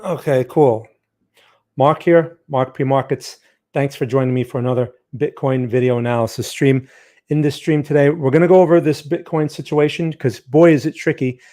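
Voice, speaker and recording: A man's voice: medium pitch, steady tone, normal speed, dark tone. A man hosting a live trading stream, chatting casually, greeting viewers by name, with frequent fillers and restarts.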